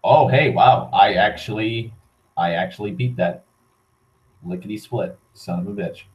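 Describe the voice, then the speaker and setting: A man's voice: fairly low pitch, a little slow, dull audio. A young man giving let's play commentary, muttering and swearing as he plays. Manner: swearing, muttering reactions to the game. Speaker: gaming channel host.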